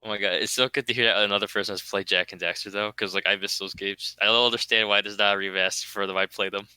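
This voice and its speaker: Bright, tense male voice, rambling chat. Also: fairly low pitch, fairly even intonation, fast, smooth, dry recording. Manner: rambling, heavy on "like", laughs while telling stories. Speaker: podcast co-host. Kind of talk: casual chat.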